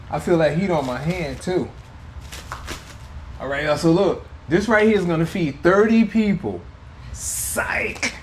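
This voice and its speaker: A man with a high-pitched voice hosts a casual food vlog from home, playfully teasing the viewers. There's a little hiss or hum in the audio.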